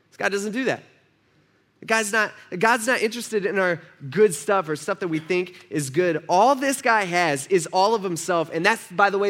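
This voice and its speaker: A man's voice: high-pitched, fairly bright tone. A male pastor preaching a sermon in a church, talking with the room, asking questions and acting out the people in his story. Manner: conversational, asks the room questions, acts out quotes.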